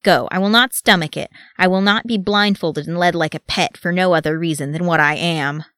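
A woman voicing a proud, angry male dwarf warrior who speaks loud and forceful in dialect, recorded dry and close. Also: on the low side, moderate pace, no room sound, close to an everyday voice. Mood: defiant.

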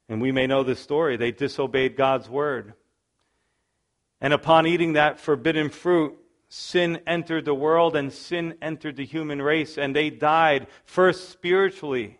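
A man's voice: on the high side, moderate pace, a bit bright. A man preaching a sermon as pastor, moving between earnest prayer and conversational storytelling.

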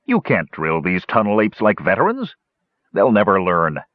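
A man's voice: low-pitched, huge pitch swings, normal speed, no room sound. A man voicing a jovial male hill dwarf in an audiobook, in a blunt, amused way. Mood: wry. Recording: dull lo-fi recording.

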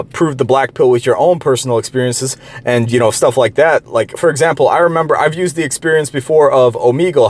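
A man pitched a little above the usual male range delivers a profane, heated rant. He rambles, restarts his sentences and tosses in filler words, with a derisive edge throughout. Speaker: online commentator. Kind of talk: profane ranting monologue.

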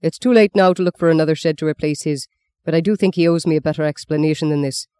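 A man's voice: fairly high pitch, fast, warm tone, clear, resonant tone, no echo, lightly acted. A man reading as a weary working father. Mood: resigned. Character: weary middle-aged father, a shearer.

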